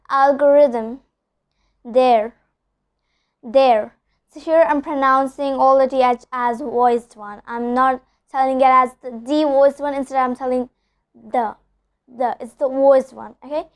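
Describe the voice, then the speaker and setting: A woman from India teaching pronunciation rules, repeating example words slowly and often saying "so" and "okay". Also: high-pitched, a little mellow.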